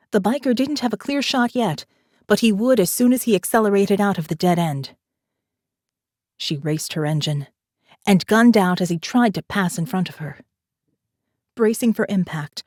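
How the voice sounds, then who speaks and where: A low-voiced woman narrates a thriller as an audiobook reader, delivering scripted narration in a steady, measured storytelling style. The studio recording is clean, with no room sound.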